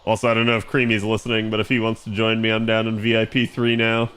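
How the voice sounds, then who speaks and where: A man's voice: lowish voice, completely flat delivery, quick pace, a bit bright, clean tone. A man streaming himself playing an online game, chatting loosely with his viewers. He rambles, corrects himself and swears casually. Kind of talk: casual live-stream gaming chat.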